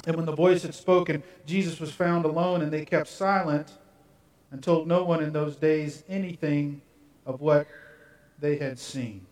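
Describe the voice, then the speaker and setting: A man preaching a sermon, first reading scripture and then telling stories in a measured way. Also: on the high side, steady tone, a little mellow, far from the mic. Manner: measured reading that shifts into storytelling. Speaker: pastor. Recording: roomy sound, from away from the mic.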